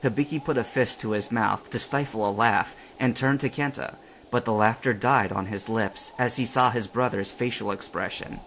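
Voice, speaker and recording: A man narrating a fan-fiction story aloud with expressive storytelling. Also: lowish voice, normal speed, a little hiss or hum.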